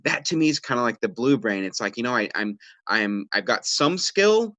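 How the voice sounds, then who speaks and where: A man presenting a parenting webinar in a relaxed, conversational way, often checking in with "right?" and acting out what people say. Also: on the low side, a little fast, dry recording. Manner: conversational, frequent "right?" and fillers, acts out quoted lines. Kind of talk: casual explanatory teaching. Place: home or office, video webinar.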